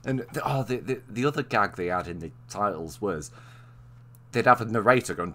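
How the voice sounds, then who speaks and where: A man's voice: on the low side, fairly quick, pushed and bright. A man from Manchester hosting a live stream, chatting casually and rambling through stories with frequent self-corrections. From Manchester, England. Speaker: streamer host. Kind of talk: casual chat.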